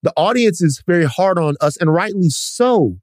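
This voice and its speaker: A man's voice: high-pitched, animated, normal speed, dry recording, clean studio sound. A man co-hosting a podcast, blunt and emphatic, swearing freely. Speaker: podcast co-host. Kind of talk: casual podcast discussion.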